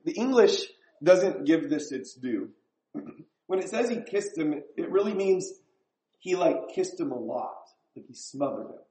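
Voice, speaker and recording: A man's voice: fairly high pitch, expressive, normal speed, dark tone. A man preaching a sermon in a church, talking in a conversational way and putting questions to the congregation. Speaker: pastor. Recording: echoey room.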